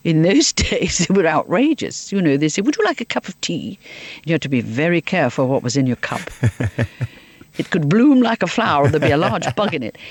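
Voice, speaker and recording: Laughing woman telling lively stories. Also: sits low, dry recording. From Liverpool, England. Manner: laughs often, lively comic storyteller. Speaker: interview guest. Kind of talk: anecdotal storytelling.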